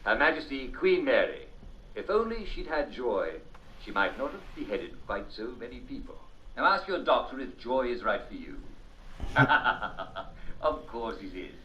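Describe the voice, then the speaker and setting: A man's voice: medium pitch, sing-song, unhurried, pushed and bright, slight background noise. An actor playing an upbeat, showy male talk show host with an English accent and chuckling TV patter. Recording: roomy, distant, dull game audio.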